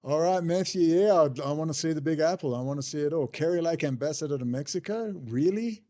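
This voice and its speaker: A man's voice: a little high, quick pace, dark tone. Rambling man livestreaming. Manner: rambling, blunt, swears, answers chat aloud. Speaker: livestream host reading chat. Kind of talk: casual rambling livestream chat.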